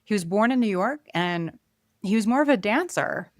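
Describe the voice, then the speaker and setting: A woman's voice: mid-range voice, animated, moderate pace, no echo, studio quality. A woman hosting a casual film review chat, musing aloud, trailing off and restarting her thoughts. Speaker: podcast host.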